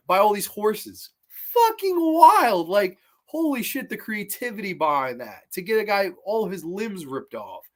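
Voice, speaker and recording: A man giving a casual review of old horror films, excitable and swearing freely. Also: high voice.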